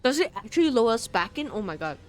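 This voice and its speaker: A woman's voice: on the high side, sing-song, fast talker. A young woman live streamer giving casual, giggly, chatty commentary while she plays.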